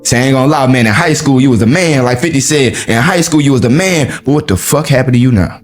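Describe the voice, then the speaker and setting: A man hosting a podcast, giving a blunt motivational monologue in profane street slang, jumping from high exclaims to low, heavy emphasis. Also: expressive, quick pace, soft background music. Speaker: podcast host.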